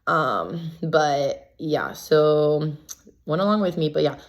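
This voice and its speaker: Woman, low-pitched, reality contestant spilling gossip in a casual recap, filler-heavy and animated. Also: slow. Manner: chatty, filler-heavy with constant "like"; gossipy and animated when quoting others.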